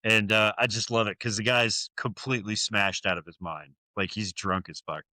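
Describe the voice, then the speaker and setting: Low-voiced man recapping a film, bright tone. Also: fairly even intonation, normal speed, dry recording. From United States. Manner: loose, profane storytelling with many fillers. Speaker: podcast co-host. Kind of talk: casual movie recap chat.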